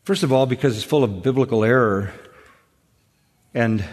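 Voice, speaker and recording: A man talking in a relaxed radio discussion. He speaks earnestly and with emphasis, and often repeats words as he starts a thought. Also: mid-range voice, normal speed, in a large hall.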